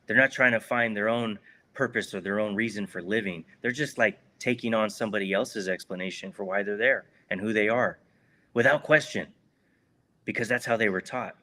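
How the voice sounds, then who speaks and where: A man's voice: lowish voice, normal speed, sharp tone. A man giving a heartfelt, reflective answer as an interview guest, earnest and repeating words for emphasis. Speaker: guest, former prisoner.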